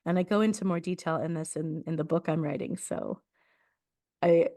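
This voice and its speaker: A reflective woman talking through personal memories in a relaxed podcast chat. Her voice sits a little low and she breaks into laughter often as she speaks. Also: moderate pace. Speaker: podcast host. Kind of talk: casual spiritual conversation.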